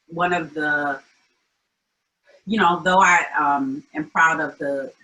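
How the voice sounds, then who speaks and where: A woman's voice: deep voice, pushed and bright, poor audio. A woman from Albany, New York, a founder who is a guest in an interview, speaking thoughtfully and frankly with many fillers. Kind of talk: casual conversational interview.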